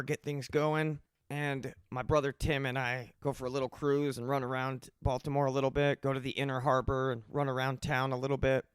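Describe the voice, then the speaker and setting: A young man from Colorado rambles through his own story on a podcast, animated and loose, slipping into the voices of the people he meets. His voice sits at an everyday middle pitch. The sound is dry and close, with no room echo. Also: clear, resonant tone. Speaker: podcast host telling his recovery story. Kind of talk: casual storytelling monologue.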